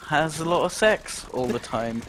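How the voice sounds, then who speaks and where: A man's voice: a little high, expressive, moderate pace, fairly bright tone, a little hiss or hum. A man talking casually on a gaming stream, reacting to his friends with wry, incredulous remarks and the odd swear. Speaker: co-streamer guest.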